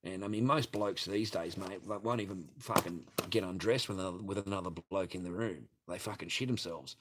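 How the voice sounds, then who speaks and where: A man's voice: deep voice, a little fast, a bit bright, breathy edge. A man with an Australian accent rambling through a blunt, profane story to his livestream viewers. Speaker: livestream host.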